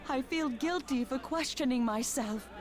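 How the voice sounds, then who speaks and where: A woman's voice: high-pitched, normal speed, some chatter behind, natural voice. An actress playing a grieving, angry female paladin of justice who speaks in a solemn, bitter, questioning way. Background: game music.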